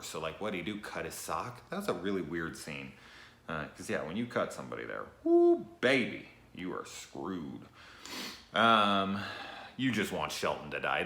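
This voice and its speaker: A deep-voiced man rambles through a horror movie review, swearing freely and sniffing between thoughts. His pitch swings widely as he talks, and the room around him rings with echo. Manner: profane, rambling, animated, sniffs often. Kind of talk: casual spoken movie review. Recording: echoey room.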